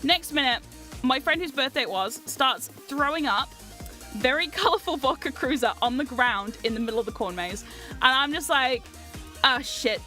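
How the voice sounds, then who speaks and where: A young woman hosting a livestream, telling a long story in a rambling, excitable way with frequent laughs and swearing. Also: sits high. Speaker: livestream host. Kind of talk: casual storytelling chat.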